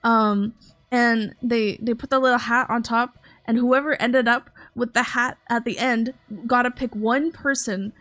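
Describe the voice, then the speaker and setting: A woman streamer chatting casually with her viewers in a slightly high voice. She rambles and restarts her sentences, filling every gap with "um"s and breaking into laughter often. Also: fairly even intonation, measured pace, fairly bright tone. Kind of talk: casual storytelling chat.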